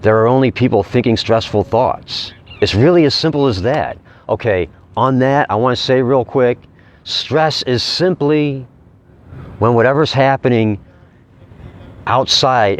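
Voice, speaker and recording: A man reading inspirational quotes aloud and commenting on them casually, repeating key phrases slowly for emphasis. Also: lowish voice. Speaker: vlogger.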